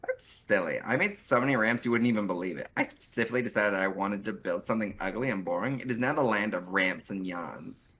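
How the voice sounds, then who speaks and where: A man's voice: on the low side, fast talker, few pauses, fairly bright tone, slight background noise. A man reading a brash, smug teenage troll girl from a webcomic aloud, with a mocking, scornful delivery. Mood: defensive.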